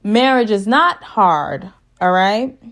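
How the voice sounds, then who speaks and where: A woman's voice: medium pitch, lively intonation, takes it slowly, fairly bright tone. A woman imitating a fed-up young husband. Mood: exasperated. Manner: blunt, dismissive. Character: exasperated young man arguing with his wife.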